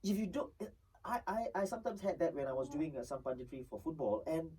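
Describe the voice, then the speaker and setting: A man's voice: on the high side, animated, quick pace, dark tone, breathy edge, distant mic, poor audio. A man hosting a casual interview chat, rambling with many restarts and tag questions. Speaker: host.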